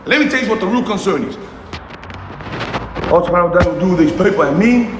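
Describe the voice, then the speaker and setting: A young man with an unusually high voice, talking in a passionate, profane, repetitive rant on a livestream. His voice rings through a room with long reverb. A faint noise sits under the recording. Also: lively intonation, fast. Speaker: youth mentor livestreaming.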